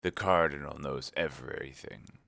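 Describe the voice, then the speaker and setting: Shrewd commanding cardinal, low voice, measured interrogation, read by a man. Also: creaky, bright, forceful tone, dry recording, clean studio sound, exaggerated voice. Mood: probing. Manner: measured, probing questions. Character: cold, shrewd older male cardinal, commanding.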